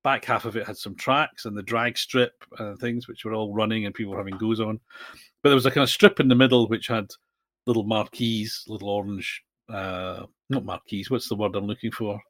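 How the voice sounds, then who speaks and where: A man's voice: lowish voice, fairly even intonation, brisk, a bit bright, dry recording. Chatty man, rambling podcast talk. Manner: chatty, rambling, searches for words. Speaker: podcast co-host. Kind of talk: casual chat.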